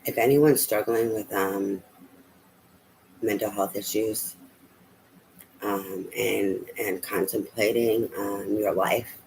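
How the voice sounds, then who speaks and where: A man's voice: on the low side, fairly even intonation, slow pace, gravelly, long pauses, a little mellow, slight background noise, rough recording. A man giving a casual spoken tarot reading, rambling and hesitant with many fillers. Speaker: tarot reader.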